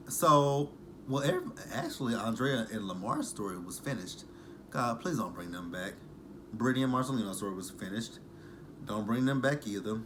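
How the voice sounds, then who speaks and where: A man's voice: medium pitch, fairly bright tone, a little hiss or hum. A man hosting a casual reaction vlog, chatty and sarcastic, with some cursing. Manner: chatty, sarcastic, uses profanity. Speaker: reality TV recap host.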